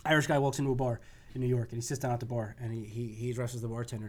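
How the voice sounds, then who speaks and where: A man hosting a podcast in casual chat, at an ordinary pitch. He jokes around, swears freely and slips into silly voices. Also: fairly even intonation, very fast, darkish tone, slight background noise. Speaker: podcast host.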